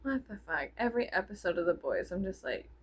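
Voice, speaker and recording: A woman's voice: on the low side, sing-song, fast talker, husky. A woman in her thirties rambling casually to camera in a vlog. She mocks herself, swears freely, giggles and drops into whispers. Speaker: vlogger. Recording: noisy home recording with clicks.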